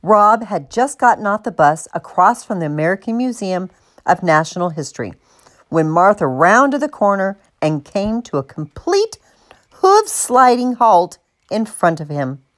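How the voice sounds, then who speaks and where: A woman reading a children's picture book aloud in an expressive, deliberate manner. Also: mid-range voice. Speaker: storybook reader.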